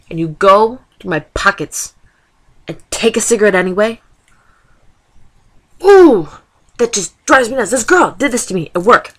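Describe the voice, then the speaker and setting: Woman, twenties, vlogger, exasperated casual rant, mid-pitched voice. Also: fairly bright tone. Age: 20s. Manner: exasperated, ranting, rhetorical questions.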